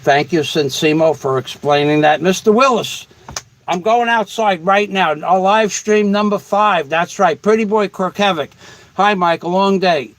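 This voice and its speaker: A man's voice: sits high, measured pace, a bit bright, rough recording. A man hosting a casual livestream, reading viewer comments in a blunt, profane, rambling way. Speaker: livestream host.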